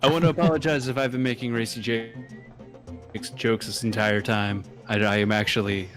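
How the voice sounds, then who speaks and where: A man in casual gameplay commentary who makes crude jokes and deadpan asides. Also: medium pitch, brisk, soft background music.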